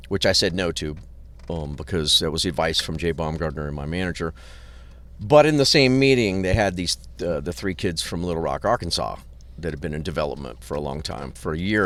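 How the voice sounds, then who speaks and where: A man's voice: low-pitched, fairly bright tone. A middle-aged man, a record producer, casually telling long anecdotes with lots of swearing and acted-out quotes. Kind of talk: casual storytelling. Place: hotel parking lot.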